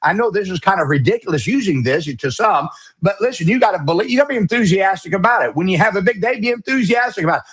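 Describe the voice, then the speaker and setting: A middle-aged man preaching a sermon as pastor, forceful and emphatic, with folksy, mocking asides. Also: high voice, animated, fast, husky.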